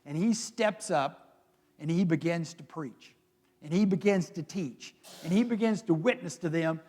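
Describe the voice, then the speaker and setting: A pastor with a high-pitched voice delivers a sermon, retelling scripture in a lively, conversational way. His voice carries with a long reverb through the church hall. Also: moderate pace. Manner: conversational storytelling, dramatic retelling. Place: church sanctuary.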